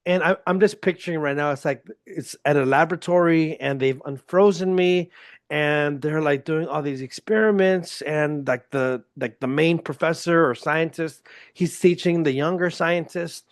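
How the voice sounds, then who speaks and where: A man's voice: a little high, moderate pace, no echo, clean studio sound. A man hosting a solo podcast in a casual, self-deprecating, joking manner. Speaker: podcast host.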